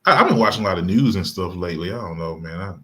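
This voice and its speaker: A man's voice: sits low, lively intonation, rapid-fire, fairly bright tone. A man co-hosting a podcast, chatting casually and rambling through stories with restarts. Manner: rambling storyteller, many restarts and fillers. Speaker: podcast co-host. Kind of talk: casual chat.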